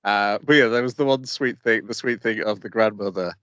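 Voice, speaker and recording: Smooth-voiced, hesitant podcast co-host. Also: male voice, fairly low pitch, a little fast, a bit bright, dry recording. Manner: hesitant, lots of uh and um, summarizing plots. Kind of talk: casual chat. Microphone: remote call mic.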